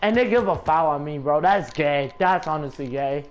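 A man's voice: fairly high pitch, normal speed, slight background noise. A man trash-talking and cursing at his opponent while commenting on his own gameplay. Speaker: gaming content creator.

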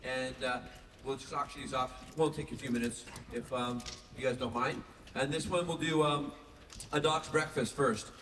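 A man on a convention panel running a fan auction, calling out bids briskly and loudly. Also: medium pitch, fairly even intonation, slight background noise. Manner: calls bids briskly, rising and loud. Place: large convention hall. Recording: echoey hall recorded from far off.

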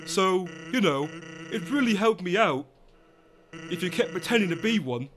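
Give me a man doing a cheeky skeleton with a put-on London slang accent, lively and laid-back. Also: high-pitched, normal speed. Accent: London-style slang put-on. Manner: laid-back, cheeky, keeps saying bruv. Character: lazy joking skeleton man with British slang.

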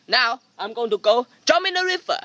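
Fairly quick and very high-pitched, this man's voice comes through with no echo. Sitting outside next to a private pool, the vlogger films on his phone's front camera, rambling through a comedic monologue of sarcastic, deadpan self-mockery.

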